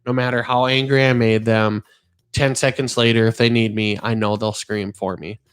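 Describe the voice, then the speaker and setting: A man's voice: on the low side, moderate pace, clear, resonant tone. Earnest rambling man on a podcast. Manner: earnest, rambling, animated storytelling. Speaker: podcast host. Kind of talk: casual podcast chat.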